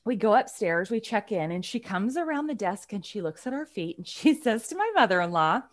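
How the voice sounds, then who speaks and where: Lively chatty woman telling a story. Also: mid-range voice, brisk. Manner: animated storyteller, chatty, laughs often. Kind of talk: casual chat.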